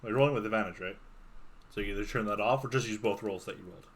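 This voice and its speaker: A man's voice: lowish voice, racing, breathy edge. A man serving as game master, narrating a tabletop game in a laid-back, playful way and laughing often. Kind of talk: running a tabletop game over voice chat.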